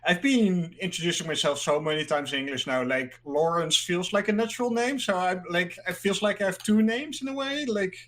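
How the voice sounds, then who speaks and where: A man's voice: high voice, a little fast, hardly any pauses, a bit bright. A man from the Netherlands, a guest in a casual interview, rambling and filling his talk with "like.". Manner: rambling, fills speech with "like", laughs easily.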